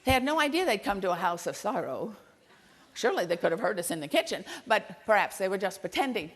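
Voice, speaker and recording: A woman giving a closing speech at a conference, telling a family story with wry humor and acting out the dialogue, then speaking in a hushed, earnest way. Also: medium pitch, sing-song, fast talker. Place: large conference hall stage.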